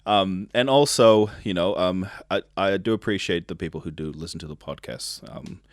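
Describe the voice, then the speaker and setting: A young man hosting a podcast in a relaxed, joking way, with lots of fillers and restarts. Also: sits low, moderate pace, no room sound, studio quality. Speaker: podcast host. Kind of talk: casual chat.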